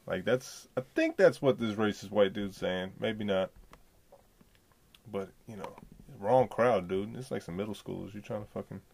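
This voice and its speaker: A man's voice: lowish voice, moderate pace, vocal fry, a little mellow, a little hiss or hum. A man hosting his own podcast solo, talking in a profane, slangy, rambling way. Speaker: podcast host. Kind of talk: solo casual podcast commentary.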